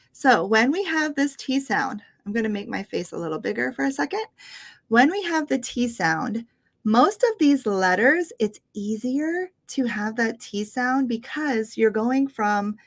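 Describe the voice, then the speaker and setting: An American woman teaching English pronunciation, patient and encouraging as she spells out sounds one by one. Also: a little high. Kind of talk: online English lesson.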